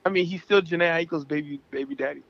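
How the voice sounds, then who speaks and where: A man co-hosting a casual podcast, excitable and stammering as he gushes. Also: on the high side, fast, creaky, muffled recording, crowd noise. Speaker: podcast co-host. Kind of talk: casual chat.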